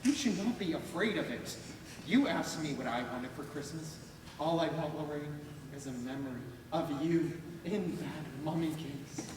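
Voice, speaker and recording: A man's voice: a little high, normal speed, lightly acted. A young man playing a pompous, witty celebrity critic in a school stage play, with grand theatrical delivery. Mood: flattering. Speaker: student stage actor. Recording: very echoey hall from far off, noisy.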